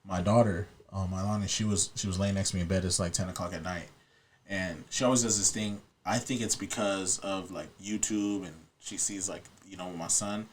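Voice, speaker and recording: A man's voice: low voice, fairly even intonation, normal speed, slight background noise. A man in his thirties, a podcast guest, telling a story in an earnest, matter-of-fact way in casual chat. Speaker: podcast guest, paranormal investigator.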